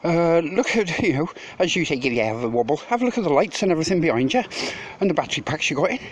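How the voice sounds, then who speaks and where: A man's voice: fairly high pitch, expressive, quick pace, rough recording. A man vlogging at a building site, out of breath, rambling and swearing as he rants about a rival. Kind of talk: casual walk-and-talk vlog. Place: outdoors at a building site in hot weather. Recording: clear background noise with clicks.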